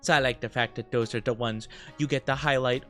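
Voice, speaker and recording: A man's voice: medium pitch, steady tone, brisk, fairly bright tone, faint music behind. A man chatting casually on a live stream, giggly and fidgety and full of filler words.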